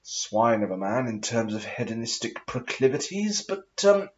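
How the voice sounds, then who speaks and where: Male vlogger, affected posh drawl, lively swooping pitch, sweary and meandering; muffled lo-fi recording. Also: normal speed. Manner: affected posh aristocratic put-on voice. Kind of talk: rambling casual monologue.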